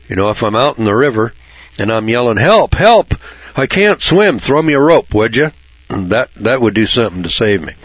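A man's voice: lowish voice, fairly bright tone, no echo. A man giving informal Bible commentary in a blunt, folksy way, swearing freely and mocking churchgoers with sarcastic asides. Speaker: Bible teacher. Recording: dull lo-fi recording.

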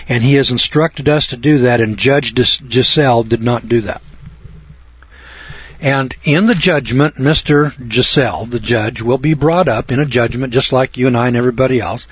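A man preaching a sermon-style monologue, growing emphatic and louder when stressing his points. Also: medium pitch, husky, no room sound, lo-fi sound.

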